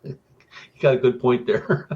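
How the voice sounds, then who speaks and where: A man's voice: mid-range voice, a little slow, highs cut off. A man who is a regular guest on a radio show, chatting casually, giving brief replies and laughing easily. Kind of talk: casual chat.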